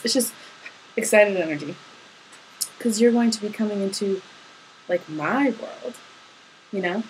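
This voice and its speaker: A young woman talks straight to her partner in a video diary recorded at home late at night. She rambles in a chatty, giggly and affectionate way, at a middling pitch. A faint hiss of room noise sits behind her voice. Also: darkish tone, low-quality recording. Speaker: vlogger.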